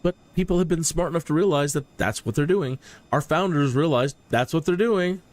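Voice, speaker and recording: A man's voice: fairly high pitch, fairly quick. A man hosting a livestream, talking in a rambling, opinionated way and often repeating words. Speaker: flight sim streamer. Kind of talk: casual livestream commentary.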